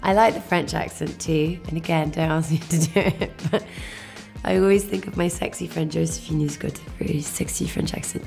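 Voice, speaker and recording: An English actress in her thirties, answering quick-fire questions at home in a giggly, self-mocking, chatty way. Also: low voice, steady tone, gravelly, darkish tone, faint music behind. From England. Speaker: actress interviewee. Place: at home indoors.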